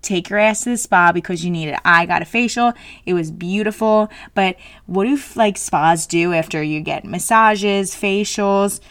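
A woman's voice: mid-range voice, moderate pace, few pauses, a bit bright, clear, resonant tone, dry recording, clean studio sound. A woman in her late twenties talking casually as a solo host, frank and jokey, full of fillers. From New Jersey. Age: 20s.

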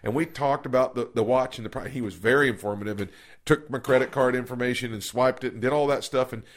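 A man's voice: mid-range voice, quick pace. Man, podcast co-host, folksy, rambling, restarts a lot, conversational, recorded in an office. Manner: folksy, rambling, many restarts and repeated words. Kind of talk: casual conversational storytelling.

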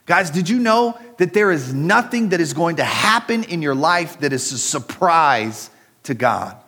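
Middle-aged pastor guy, kinda high voice, chatty sermon, talks right at the crowd like friends. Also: sing-song, measured pace, bright, forceful tone. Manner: conversational, personal storytelling, addresses listeners directly.

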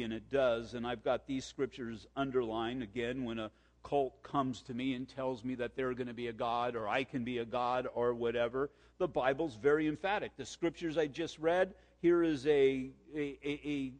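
A man preaching a sermon and reading scripture aloud, emphatic, repeating key points and slowing down for verses. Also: medium pitch, darkish tone, long reverb tail. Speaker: pastor.

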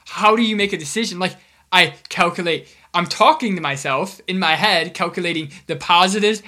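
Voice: medium pitch, sharp tone. A podcast co-host in casual chat, curious and musing aloud, with frequent repeated starts.

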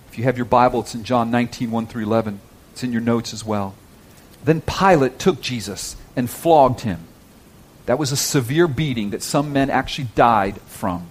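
A man preaching a sermon in church, swinging from hushed, whispered lines to loud, high, fervent reading of scripture. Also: husky. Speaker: pastor.

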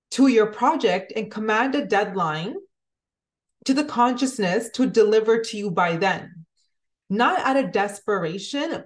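A woman giving an earnest, motivational spiritual talk, speaking directly to the listener in repeated phrases. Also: mid-range voice. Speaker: spiritual content creator.

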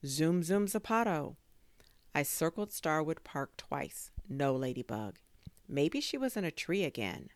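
A woman narrating a children's chapter book aloud in an expressive storytelling manner. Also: sits low, a little slow, dry recording. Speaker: audiobook narrator.

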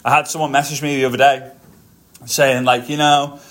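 A man hosting his own podcast, telling stories in an energetic motivational monologue while walking on a treadmill. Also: mid-range voice, normal speed. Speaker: podcast host.

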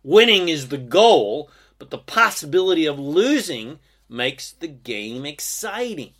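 A man delivering a motivational podcast monologue in a bright, forceful voice pitched a little high. He exhorts the listener with emphatic, sometimes profane conviction. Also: big pitch swings, unhurried. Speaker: podcast host and success coach.

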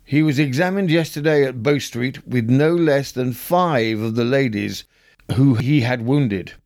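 A man hosting a podcast, reading old newspaper stories aloud with a measured, wry storytelling delivery. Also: medium pitch, darkish tone, no echo, studio quality. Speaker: podcast host.

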